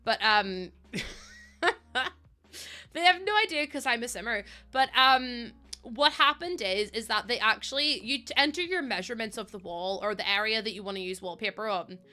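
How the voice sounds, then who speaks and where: A woman's voice: a little high, lively intonation, moderate pace, pushed and bright. A young woman streaming a game, chatting casually while laughing often and swearing freely. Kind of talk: casual chat while gaming.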